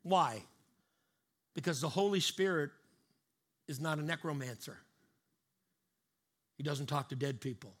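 With a fairly high pitch and a breathy edge, a male pastor delivers an emphatic sermon. He slows down to stress important words and has the congregation say lines back to him.

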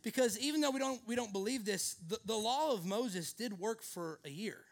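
A man's voice: high voice, expressive, moderate pace, gravelly. A male pastor preaching a sermon in an earnest way, leaning often on the word "actually".

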